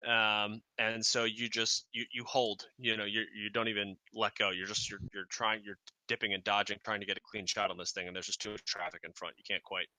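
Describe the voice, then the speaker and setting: A man's voice: fairly low pitch, fairly quick, few pauses. A man narrating as game master, telling the action vividly with lots of fillers and restarts. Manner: animated, vivid storytelling with many fillers and restarts.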